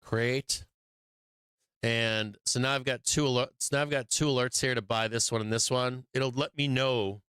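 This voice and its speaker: A man talks through stock charts in a blunt, rambling, profane way, with plenty of ums and asides. His voice is bright and smooth. It is recorded dry and close. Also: medium pitch, fairly even intonation, unhurried, no echo. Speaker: stock market show host. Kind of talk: casual trading commentary.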